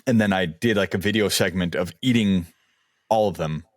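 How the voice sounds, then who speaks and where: A man's voice: deep voice, moderate pace, no room sound. A young man co-hosting a casual podcast, telling rambling stories with lots of fillers and laughs. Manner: rambling, laughing, animated storytelling. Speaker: podcast co-host. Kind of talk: casual chat.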